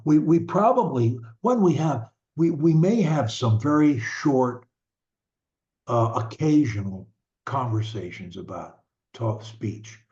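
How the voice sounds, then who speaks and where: Slow, deliberate older man coaching parents. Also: medium pitch, warm tone. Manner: slow, deliberate, halting with restarts. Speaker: stuttering coach. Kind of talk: advice talk to parents. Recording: dull lo-fi sound.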